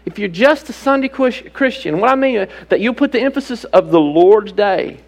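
A man with a high, gravelly voice delivers a sermon from the pulpit. He preaches with emphasis and keeps turning to his listeners with rhetorical questions. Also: lively intonation, moderate pace, low-quality recording. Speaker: pastor.

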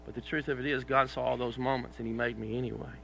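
A man's voice: mid-range voice, little pitch movement, fast, gravelly, fairly bright tone, slight background noise, rough recording. A man preaching a sermon in a church, in a conversational way that asks the congregation questions and pokes fun at himself. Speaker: pastor.

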